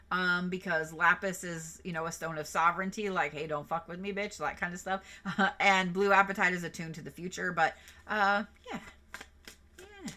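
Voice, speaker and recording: A reiki practitioner and tarot reader with a lowish, sharp-toned voice does casual zodiac card readings on a livestream. She's chatty and playful, swearing and giggling along the way.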